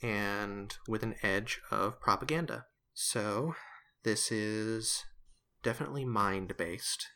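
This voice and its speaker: A man's voice: lowish voice, slow, pushed and bright. A man narrating a tabletop game as game master, rambling and correcting himself as he describes scenes.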